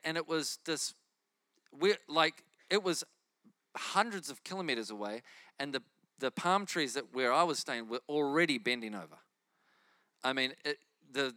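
A man preaching and telling a testimony story in an animated way, often laughing as he talks. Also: fairly high pitch, dry recording, studio quality.

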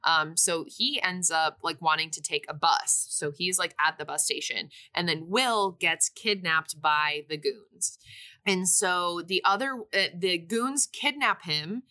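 A woman co-hosting a podcast, casually recapping a movie's plot with lively quoted lines. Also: on the low side, unhurried. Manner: animated retelling with quoted voices. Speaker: podcast co-host.

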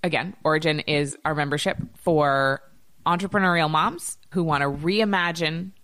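A woman's voice: sits low, normal speed, fairly bright tone, dry recording. A woman in her thirties co-hosting a podcast, chatting in an upbeat, bubbly way. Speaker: podcast co-host. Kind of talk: casual podcast chat. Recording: dry close recording.

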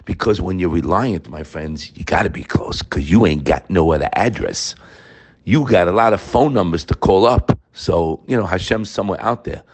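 A man in his sixties giving an inspirational Torah talk, telling stories with swings between quiet and emphatic moments. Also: sits low, moderate pace, breathy edge. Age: 60s. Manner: animated storyteller, swinging from quiet to loud. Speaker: Torah teacher.

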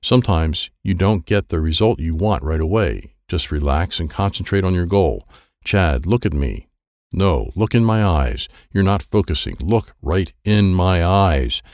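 A man's voice: deep voice, lively intonation, a little slow, a little mellow, no room sound, studio quality. A man voicing a stern, patient male karate master who gives firm, instructive commands. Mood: firm instructing.

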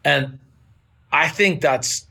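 A middle-aged man, a pastor, talks earnestly into a podcast mic. His voice carries a faint husky edge. He tells stories with animation and the odd laugh. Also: on the high side, very slow, bright, forceful tone. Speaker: pastor and guest. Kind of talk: casual conversational interview.

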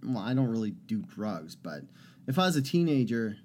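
A man's voice: fairly low pitch, very animated, normal speed, darkish tone, slight background noise. A man co-hosting a podcast, trading wry jokes in casual chat. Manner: wry, joking banter. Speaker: podcast co-host.

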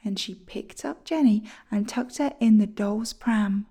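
A woman reading a children's storybook aloud, gentle and often near a whisper. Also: medium pitch, measured pace, few pauses.

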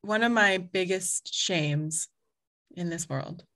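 A woman's voice: on the low side, slow pace, a bit bright. A woman co-hosting a podcast, chatting casually and rambling, with lots of fillers and frequent laughter. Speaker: podcast co-host. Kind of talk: casual chat.

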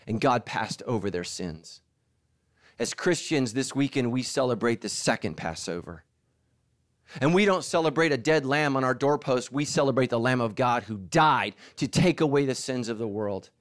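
A middle-aged pastor from Southern California preaches a sermon in a medium-pitched voice at a moderate pace. He tells stories animatedly, acting out quotes with different voices.

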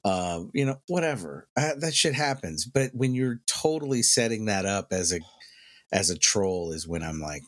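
A man's voice: on the low side, lively intonation, normal speed. A man co-hosting a podcast, talking in a rambling, profane way and laughing often. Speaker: podcast co-host. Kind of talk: casual chat.

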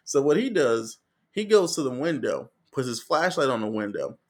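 A man's voice: medium pitch, sing-song, normal speed. A man hosting a podcast, telling stories in casual, profane chat and acting out what other people said. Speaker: podcast host.

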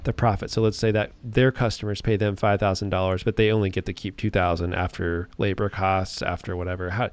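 A man hosting a podcast, asking long questions while thinking aloud with halting restarts. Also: deep voice, level tone, no room sound. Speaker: podcast co-host. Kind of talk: casual interview questions.

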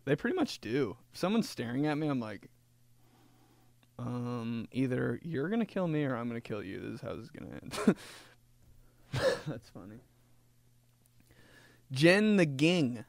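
Man, podcast host, casual comedic chat, rambling, lively intonation, dry close sound. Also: medium pitch, measured pace, vocal fry, long pauses, no echo. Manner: rambling, jokey, animated storytelling.

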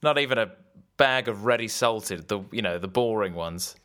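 A man with a notably deep voice holds up his end of a loose comedy podcast. He talks in a sardonic, riffing way, spinning silly ideas into running gags. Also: moderate pace, a bit bright. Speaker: podcast co-host. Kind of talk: casual comedic banter.

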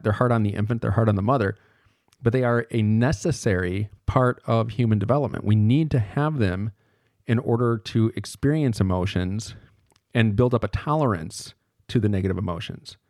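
Male podcast lecturer, lowish voice, casual and conversational, self-correcting, dry close sound. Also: normal speed, a little mellow, no room sound.

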